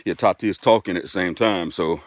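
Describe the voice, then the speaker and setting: Man, low voice, upbeat chatty live-stream host talking on a walk, dry close sound. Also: fairly quick, no room sound. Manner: upbeat, chatty, addresses viewers directly. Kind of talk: casual live-stream chat while walking. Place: outdoors on a dirt road.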